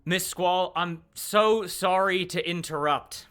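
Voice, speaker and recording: A flustered, apologetic elf clerk , as a man puts him on in a tabletop game, with a slightly raised, bright voice. He rushes his words out nervously. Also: sits high, smooth, soft background music, pitched above the performer's own voice, heavily acted. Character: slim, apologetic male elf clerk in spectacles.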